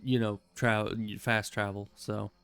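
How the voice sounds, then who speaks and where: Casual male game streamer, smooth clear voice, faint music underneath. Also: on the low side, level tone, slow pace, fairly bright tone, no room sound. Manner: chatty, rambling, self-amused. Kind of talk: casual gameplay commentary.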